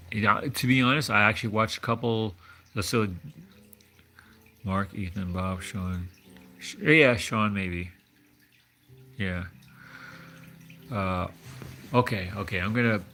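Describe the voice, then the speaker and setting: A man's voice: on the low side, bright, forceful tone. A man hosting a livestream, chatting casually in a rambling, hesitant way with many restarts. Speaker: livestream host. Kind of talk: casual chat.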